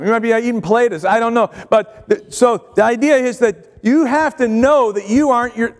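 Man, preacher, high voice, earnest sermon, repeats himself, rhetorical questions, long reverb. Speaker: pastor.

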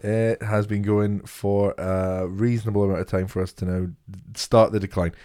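A man's voice: fairly low pitch, level tone, moderate pace, mellow. A man co-hosting a podcast, chatting casually in a jokey, teasing, sweary way. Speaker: podcast co-host. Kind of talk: casual chat.

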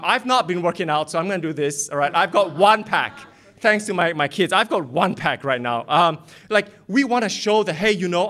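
A man's voice: high-pitched, a bit bright. A man preaching a sermon as pastor, impassioned and firing off rhetorical questions.

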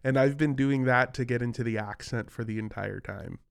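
A man's voice: medium pitch, a little fast, creaky, smooth, no echo, clean studio sound. A man hosting a podcast while sick with a cough, talking in a rambling, self-mocking way and swearing freely. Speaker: podcast host. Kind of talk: casual podcast chat.

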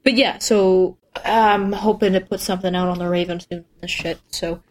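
A woman's voice: lowish voice, fairly even intonation, normal speed, natural voice. A woman playing a broke, wisecracking freelancer. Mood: casual. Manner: hesitant, full of fillers, joking.

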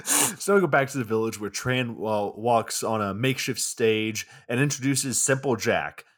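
A man's voice: medium pitch, lively intonation, moderate pace. A man co-hosting a podcast, casually recapping a movie plot in a loose, profane way with lots of fillers. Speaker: podcast co-host.

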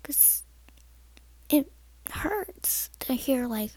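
Earnest woman with a gravelly edge. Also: on the high side, a little slow, darkish tone, no echo, poor audio. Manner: earnest and rambling, often dropping into a whisper. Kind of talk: earnest advice talk to camera.

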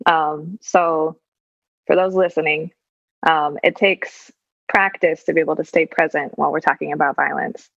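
A woman speaking as a therapist guest in a relaxed, thoughtful way, with frequent fillers and some casual swearing. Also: low-pitched, moderate pace, creaky, no room sound. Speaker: clinical social worker guest. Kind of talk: casual reflective conversation. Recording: dull lo-fi sound.

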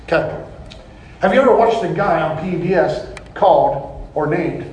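A man delivering a lively, folksy sermon and laughing often. His voice sits high for a man. He is recorded in an echoey church hall. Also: normal speed, a little hiss or hum. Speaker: preacher. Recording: echoey room.

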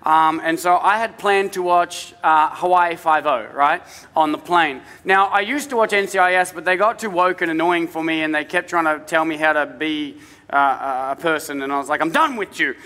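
A pastor with an accent tells a humorous, self-mocking story from the pulpit, chatty and animated. His voice sits high and sounds bright. A long hall reverb trails each phrase. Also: moderate pace, clean tone. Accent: non-native English accent.

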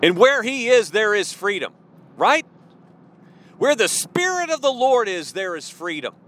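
A man delivers an impassioned sermon. His voice sits high and bright, cutting through the room. He slides from hushed, pleading lines into loud, declarative surges. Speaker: preacher.

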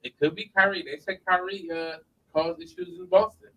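A man's voice: high-pitched, steady tone, moderate pace, a bit bright, far from the mic, low-quality recording. A man co-hosting a casual sports chat, laid-back and hesitant, mostly agreeing.

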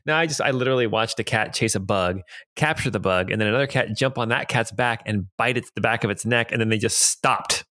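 A man's voice: on the low side, a little fast, pushed and bright, no echo, studio quality. A man narrating a tabletop game as dungeon master, rambling with chuckling asides.

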